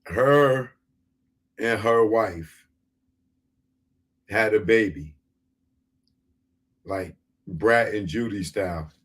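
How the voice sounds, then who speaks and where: A man's voice: lowish voice, extremely slow, long pauses, a bit bright. A man hosting a live comedy commentary stream, loose and profane, breaking into mocking impressions. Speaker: comedian host. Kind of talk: live stand-up style commentary.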